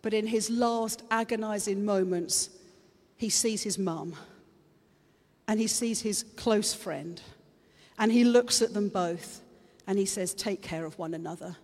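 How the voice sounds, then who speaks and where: A middle-aged woman pastor giving an Easter sermon to her congregation, chatty and animated, often leaping into high excited exclamations. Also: slow pace. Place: church hall with congregation. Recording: reverberant hall with soft music behind.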